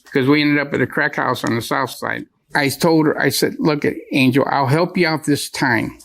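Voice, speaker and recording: A man's voice: medium pitch, fairly even intonation, normal speed, vocal fry, a bit bright. A man testifying as the plaintiff in a TV courtroom, rambling and repeating phrases as he tells his story. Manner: rambling, repeats himself, stumbles over words.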